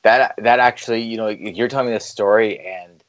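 A man in a casual chat, joking around and cutting in with quick questions. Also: lowish voice, fairly even intonation, dry recording, rough recording.

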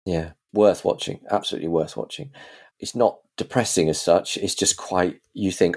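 A man's voice: deep voice, steady tone, normal speed, warm tone. A man in casual chat, reviewing TV series in a rambling, chatty way with frequent restarts.

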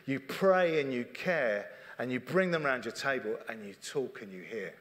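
A man's voice: medium pitch, lively intonation, normal speed, fairly bright tone. A middle-aged man, a church leader, preaching a sermon in an earnest, conversational way and often repeating his phrases. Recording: long reverb of a church hall.

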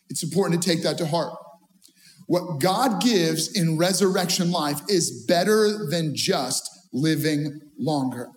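High-voiced preaching man in an echoey hall. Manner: emphatic preaching with rising intensity and repetition. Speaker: pastor. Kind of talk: sermon.

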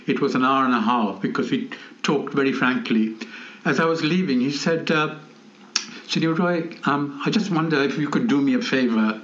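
An older man recounts his reporting days in a mid-pitched voice, chuckling as he goes and filling pauses with ums and you-knows. The recording sounds roomy and slightly muffled. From India, Calcutta. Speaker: veteran foreign correspondent. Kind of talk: anecdotal storytelling in an interview.

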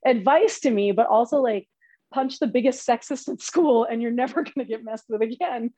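A woman telling personal stories in casual chat, animated and swearing freely, laughing as she goes. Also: on the high side, normal speed, no echo. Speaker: podcast guest. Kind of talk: casual storytelling.

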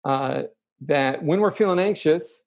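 A man's voice: on the high side, measured pace, creaky. A man preaching a sermon as pastor, talking earnestly and conversationally, asking rhetorical questions and answering them himself.

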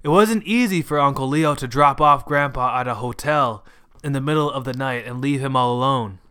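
A man's voice: mid-range voice, moderate pace, bright, forceful tone, clear, resonant tone. Man narrating a short story. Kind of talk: scripted narration.

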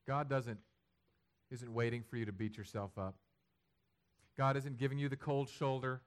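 Male pastor, sermon delivery, mid-pitched, swings from conversational to loud emphatic peaks. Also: normal speed, long pauses, smooth. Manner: rises to loud, high-pitched emphatic passages; acts out imagined prayers and quotes.

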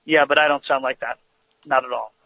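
A man's voice: mid-range voice, steady tone, a little fast, creaky, no room sound. A man co-hosting a radio show by phone while driving, chatty and joking. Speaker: radio co-host. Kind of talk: casual radio banter. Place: driving in a car. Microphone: phone call. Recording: tinny phone line from a car.

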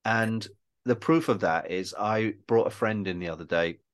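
A Welsh film director, appearing as a guest in a casual interview, rambles and makes self-deprecating remarks. His fairly low voice halts and restarts often.

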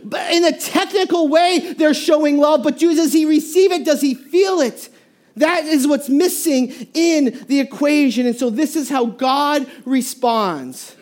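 A preacher giving a sermon, telling a story in a lively way with many restarts and short laughs. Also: high voice, a little slow.

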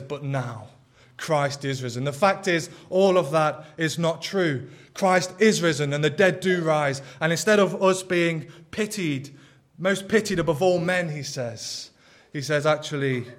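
Earnest preaching man, slightly high voice. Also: a bit bright. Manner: earnest, emphatic preaching with repeated phrases. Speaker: pastor. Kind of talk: sermon.

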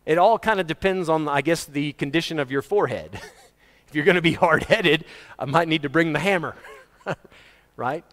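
A middle-aged man preaching a sermon, swinging between booming shouts and soft asides and chuckling often. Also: normal speed, long pauses. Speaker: pastor. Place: church hall. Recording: reverberant church hall.

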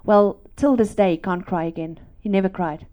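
A middle-aged woman from South Africa preaching a testimony sermon, animated and laughing, swinging from loud to hushed. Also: mid-range voice, moderate pace, muffled recording.

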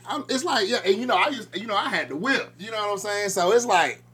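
A man with a somewhat high voice tells blunt, profane stories in casual podcast chat. He talks loosely and swears freely. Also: animated, quick pace, a bit bright, husky. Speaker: podcast co-host.

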